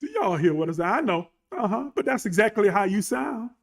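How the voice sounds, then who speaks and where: A man's voice: sits high, expressive, fairly quick, creaky. A male preacher delivering an emphatic sermon, calling out to his listeners with rhetorical questions.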